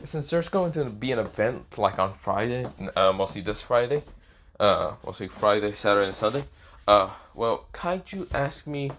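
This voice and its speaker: A man's voice: medium pitch, fairly bright tone. A man voicing a pushy young male student who rambles with many fillers and pleads with his friend. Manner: hesitant, rambling with lots of fillers.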